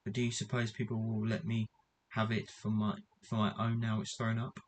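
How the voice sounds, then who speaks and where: A man reading a storybook aloud, voicing a headstrong, excited girl with high, eager exclamations. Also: moderate pace, a little hiss or hum, natural voice. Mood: earnest.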